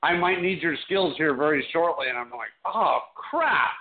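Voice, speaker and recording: A male talk radio co-host shares a story in a laid-back, conversational tone. His voice sits a bit high for a man, and it comes through a narrow, phone-like line. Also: a little fast. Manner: relaxed, conversational anecdote-telling. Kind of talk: casual chat on talk radio.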